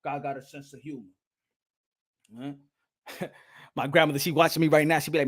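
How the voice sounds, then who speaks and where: A man hosting a podcast, animated and slangy, laughing often. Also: a little high, fairly quick, pauses often. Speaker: podcast host. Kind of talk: casual chat.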